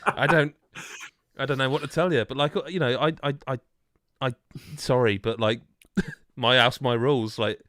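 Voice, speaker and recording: A man's voice: mid-range voice, fairly even intonation, moderate pace, a bit bright, no room sound. Guy hosting a podcast, jokey and rambly, dead dry mic. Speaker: podcast host. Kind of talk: casual chat.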